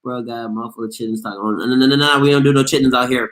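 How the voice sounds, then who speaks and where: A man hosting a casual sports call-in show, playful and loud, reading the chat aloud and breaking into shouts and laughter. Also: mid-range voice, steady tone, racing, roomy sound. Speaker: sports show host taking callers.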